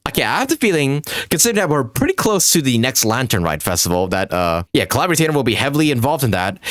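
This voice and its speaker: A male game streamer chatting off the cuff, his pitch swinging up and down. He rambles through fillers and restarts, breaking into laughter and swearing with excitement. The sound is close and dry. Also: no room sound. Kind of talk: casual stream reaction commentary.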